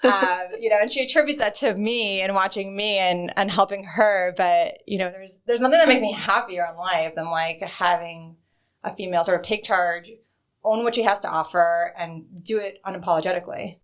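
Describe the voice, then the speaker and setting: In a clean, mid-range voice at normal speed, a woman in her thirties answers interview questions frankly. A bank executive, she shares stories from her working life in a conversational, storytelling way.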